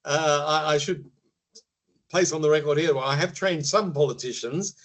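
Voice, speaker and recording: A man speaking as a media-trainer guest in a podcast interview, explaining in a measured way and often pausing to rephrase. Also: on the high side, poor audio.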